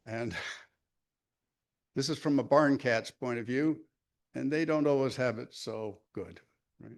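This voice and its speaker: A man's voice: medium pitch, takes it slowly, creaky, long pauses. A man reading his own humorous poems to an audience, with a dry, wry delivery and asides to the listeners. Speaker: poet reading his work.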